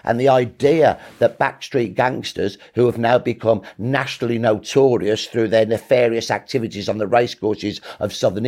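A historian guest answers interview questions in an emphatic, storytelling way, his voice rising whenever he rebuts a point. He speaks at medium pitch with a slightly mellow quality.

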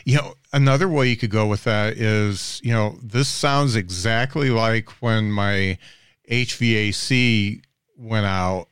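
A man's voice: lowish voice, slow pace, a bit bright, smooth, dry recording, clean studio sound. A man hosting a podcast, chatting casually and easily with short agreeing replies. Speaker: podcast host. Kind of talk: casual interview chat.

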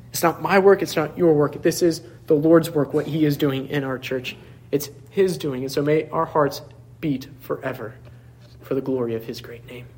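Earnest young male pastor preaching. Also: high voice. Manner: earnest, emphatic preaching, often addressing the congregation as "church"; self-deprecating asides and frequent restarts. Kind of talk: sermon.

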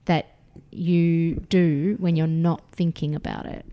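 A woman's voice: low-pitched, flat delivery, slow pace, dark tone. An Australian woman in her thirties, a food author chatting enthusiastically as a podcast guest, with plenty of fillers. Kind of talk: casual podcast interview.

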